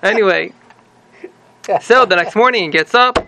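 A man telling a long joke in a lively way, acting out the characters and laughing at his own punchlines. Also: high voice, moderate pace, vocal fry, a little hiss or hum, poor audio. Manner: animated, voices the rabbi and husband, laughs at own jokes. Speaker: joke teller.

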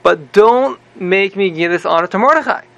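A man's voice: sits high, lively intonation, normal speed, gravelly, a bit bright, no room sound, full character voice. A man voicing a desperate royal minister who stutters and pleads. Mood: desperate pleading.

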